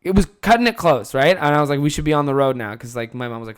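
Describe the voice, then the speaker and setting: Young guy doing a solo podcast, voice jumps all over, cusses a lot, loud mocking bits. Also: medium pitch, rapid-fire, clear, resonant tone. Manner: animated storytelling with profanity and acted-out quotes. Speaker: podcast host and comedian.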